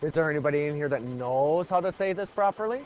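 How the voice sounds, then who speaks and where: A man's voice: fairly high pitch, lively intonation, fast, darkish tone, dull audio, slight background noise. A man teaching a geography lesson in a classroom, quizzing the students with call-and-response questions. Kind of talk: classroom lecture.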